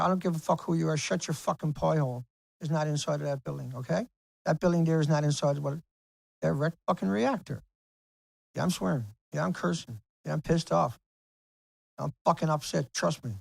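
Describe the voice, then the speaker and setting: Angry man, gravelly creaky voice, swearing and repeating, dry close recording. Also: fairly high pitch, dry recording, low-quality recording. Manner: heated, profane, repetitive. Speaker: video blogger. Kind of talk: angry ranting monologue to camera.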